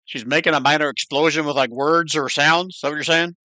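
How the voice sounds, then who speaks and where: A man running a tabletop game as game master, explaining rules in a relaxed way. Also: a little high, a little fast, no echo.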